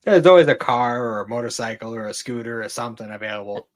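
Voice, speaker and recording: A man's voice: medium pitch, quick pace. Laid-back man co-hosting a casual podcast. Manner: laid-back and candid, with casual swearing, stammered restarts and laughs. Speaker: podcast co-host. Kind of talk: casual chat.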